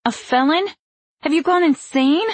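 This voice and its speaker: A rebellious young daughter, put on by a woman narrator, indignant and sharp-tongued. Her voice sits higher than the narrator's and carries a husky grain. The delivery stays close and dry, as if read in a small quiet booth. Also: lively intonation, a little slow, no echo. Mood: defiant. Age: young adult.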